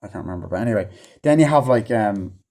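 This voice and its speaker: A man's voice: fairly low pitch, animated, quick pace, dark tone. A man rambling through a casual, profane movie review, with offhand asides and many fillers.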